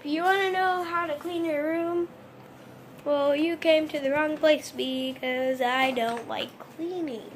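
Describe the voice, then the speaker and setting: A woman vlogging casually from her bedroom floor, rambling and self-mocking, dropping to mumbles and then jumping to loud bursts. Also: high voice, fairly even intonation, measured pace, slight background noise.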